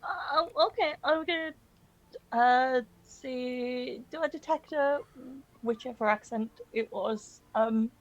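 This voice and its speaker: Woman, tabletop player, high voice, playful, musing. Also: slow, muffled recording. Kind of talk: casual tabletop play.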